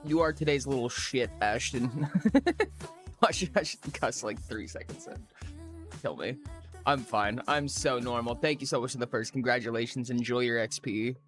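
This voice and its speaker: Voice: mid-range voice, normal speed, fairly bright tone, soft background music. A live streamer chatting casually with viewers, bubbly and rambling, often joking at their own expense. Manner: bubbly, rambling, self-mocking.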